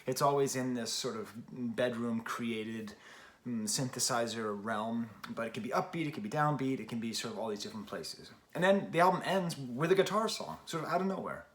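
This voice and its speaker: A man in his forties talks through an album in a loose, rambling way. His voice sits at an ordinary middle pitch, and he is quick to make fun of himself as he circles back and restarts his thoughts. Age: 40s. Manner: rambling, self-deprecating, frequent restarts. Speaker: album reviewer. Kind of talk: casual spoken album review.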